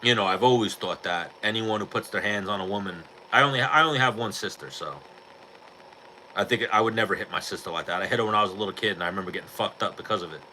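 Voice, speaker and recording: A man's voice: on the low side, fast, bright, forceful tone, a little hiss or hum, rough recording. A man hosting a podcast in casual chat, talking bluntly with lots of swearing and rambling asides. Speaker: podcast host.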